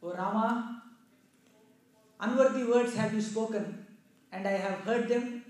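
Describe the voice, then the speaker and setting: A man's voice: sits high, unhurried, a little mellow. A man voicing a grief-stricken young queen who pleads and reproaches with passion. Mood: indignant. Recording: heavily echoey room.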